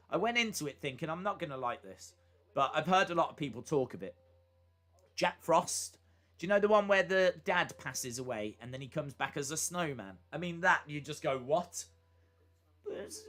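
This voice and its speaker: A man hosts a live reaction stream and talks in a casual, rambling way. His voice sits a little high and swings widely in pitch. He drifts between asides and quick calls of the action. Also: sharp tone. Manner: rambling, chatty, with lots of fillers and asides.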